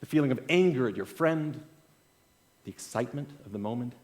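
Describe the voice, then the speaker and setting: A man giving a storytelling keynote talk at an event. He swings between loud bursts and quiet asides. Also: medium pitch, lively intonation, brisk. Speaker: conference speaker. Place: event stage.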